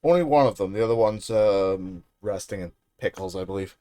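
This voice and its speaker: A man's voice: on the low side, brisk, dark tone, no echo. A British man casually chatting on a live stream while building a PC, rambling and joking at his own expense. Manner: joking, rambling, self-deprecating.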